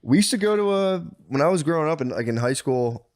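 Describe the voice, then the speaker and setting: A man's voice: fairly high pitch, lively intonation, fast, a little mellow. A man co-hosting a podcast in loose, profane casual chat, laughing often. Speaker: podcast co-host.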